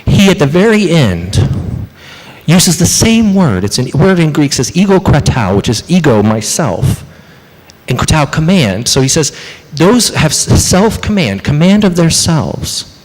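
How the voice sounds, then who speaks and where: A man preaches a sermon from the pulpit, his pitch rising and falling in a lively, animated way. He fires off rhetorical questions and acts out little quoted asides. His voice rings out with a long hall reverb around it. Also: measured pace. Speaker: pastor. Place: church sanctuary.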